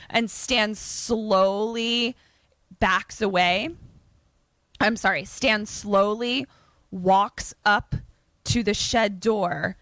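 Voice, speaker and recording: A woman co-host recaps a film in loose, casual conversation, full of quick asides and amused laughs. Her voice is bright and forceful. The sound is dry and close to the mic. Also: mid-range voice, creaky, no echo. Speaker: podcast co-host retelling a film. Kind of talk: casual chat.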